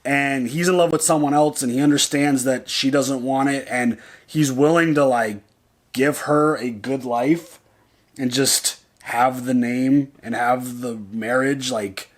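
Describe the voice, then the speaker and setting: This is a man in casual chat as a reaction-show co-host, with a voice sitting right in the middle of the male range. He talks loosely and profanely and reasons his way out loud, backing up and restarting his sentences as he goes. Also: medium pitch, fairly even intonation, measured pace. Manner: loose and profane, heavy on "like" and "dude"; thinks aloud, restarting sentences.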